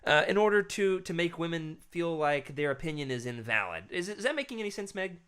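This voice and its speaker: Bright, animated male podcast host. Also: a little high, brisk, smooth. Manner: animated, reads chat comments aloud. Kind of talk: casual livestream chat.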